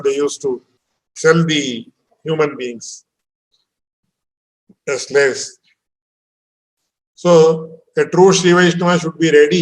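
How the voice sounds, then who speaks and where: On a poor-quality recording, a man with a fairly high voice teaches religious scripture in a patient, explanatory manner. He quotes Sanskrit and Tamil verses and chuckles now and then.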